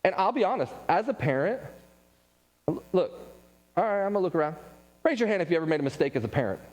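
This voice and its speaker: Animated man teaching in a church room. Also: sits high. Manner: animated storytelling, quick asides and laughs. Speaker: Bible class teacher. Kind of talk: casual church class talk. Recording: long hall reverb.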